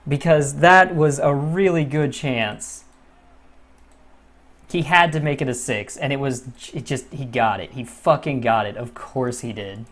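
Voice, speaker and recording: Hosting a gaming channel, a man offers relaxed let's-play commentary at a measured pace. He curses openly, shifting from quiet mumbling to bursts of frustration.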